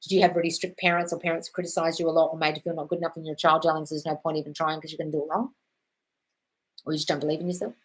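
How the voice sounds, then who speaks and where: A woman hosts a live question-and-answer stream, giving advice in a slightly low voice. She talks frankly and directly, with plenty of swearing. She calls her viewers darling. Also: level tone, very fast, low-quality recording.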